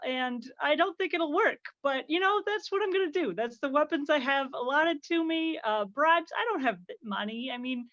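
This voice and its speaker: A woman's voice: high-pitched, animated, normal speed, few pauses, fairly bright tone, dry recording. A woman comedian arguing her side in a casual comic debate, rambling and self-mocking. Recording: dull lo-fi call audio.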